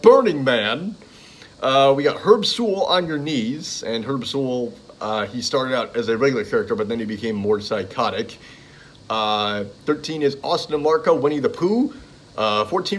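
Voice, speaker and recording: A man casually reading off a list of comedy tracks, stalling often with "uh" and "let's see" as he goes. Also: mid-range voice. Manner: hesitant, many "uh" and "let's see". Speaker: comedy show fan.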